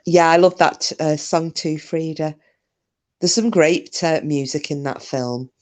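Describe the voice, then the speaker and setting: A woman's voice: low-pitched, a little slow, a little mellow. A British woman chats casually through a live stream, rambling from one thought to the next. She answers her viewers' comments one by one, calling them by name. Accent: British English.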